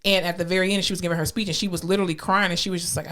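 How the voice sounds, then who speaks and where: A woman's voice: fairly low pitch, fairly even intonation, very fast, a bit bright. A young woman co-hosting a podcast, chatting casually, agreeing often and speaking emphatically with some swearing. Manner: emphatic, supportive, frequent agreeing interjections, swears. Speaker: podcast co-host. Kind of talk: casual chat.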